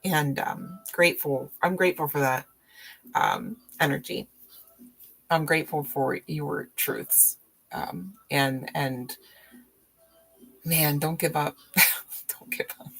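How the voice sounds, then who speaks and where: A woman's voice: low-pitched, steady tone, vocal fry, fairly bright tone. A woman reading tarot on a live stream, chatting casually with viewers, laughing often and teasing them. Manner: slow, drawn-out speech with fillers.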